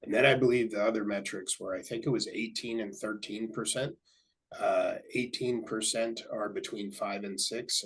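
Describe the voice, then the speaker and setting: Husky low-voiced male webinar host. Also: a bit bright, rough recording. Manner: affirming, explains market statistics. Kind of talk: webinar interview.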